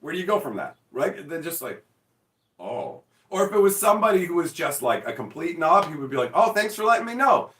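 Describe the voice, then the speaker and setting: Animated man, roomy distant sound. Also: on the high side, brisk. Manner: animated storyteller, acts out mock dialogue, swears freely. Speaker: show host. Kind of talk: casual chat.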